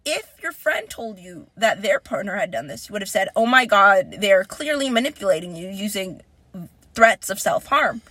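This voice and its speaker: A young woman chatting casually in a parked car, telling an animated story and acting out what her ex said. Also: mid-range voice, normal speed, husky, no echo. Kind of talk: casual chat.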